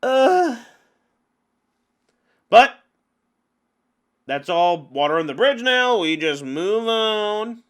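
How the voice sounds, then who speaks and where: A man giving casual gameplay commentary on a card game, chatty and openly venting his frustrations with animated outbursts. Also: high voice, very slow, long pauses. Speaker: gaming channel host.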